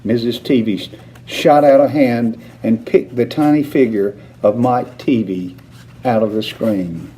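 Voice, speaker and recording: A man reading a children's novel aloud, narrating with expressive intonation. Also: mid-range voice, measured pace. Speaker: reader. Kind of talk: storybook read-aloud narration.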